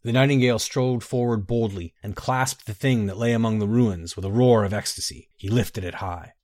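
A man's voice: on the low side, normal speed, darkish tone, no echo. Man narrating a fantasy story, dry.

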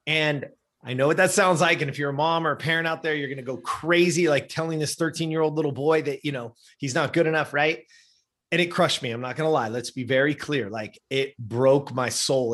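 A middle-aged man shares a personal story as an interview guest. He speaks in an earnest, conversational way, checking in with the listener through frequent asides. His pitch sits in an ordinary middle range. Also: fairly bright tone.

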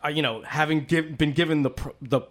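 A man's voice: on the high side, fairly even intonation, a little fast, fairly bright tone. A man in casual chat, telling rambling stories full of swearing. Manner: profane, rambling storyteller.

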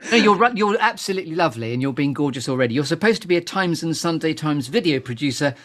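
A man's voice: fairly high pitch, lively intonation, fast, a bit bright. A man hosting a chatty live podcast interview, playful and theatrical, wandering off on tangents. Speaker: podcast host.

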